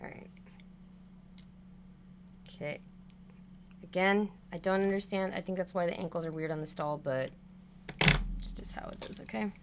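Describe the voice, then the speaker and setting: A woman's voice: fairly low pitch, steady tone, normal speed, long pauses, slight background noise. A young woman chatting casually on a livestream as she works on a doll, narrating each step and breaking into frustrated exclamations. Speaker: doll hobby vlogger. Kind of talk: casual livestream chat while restringing a doll.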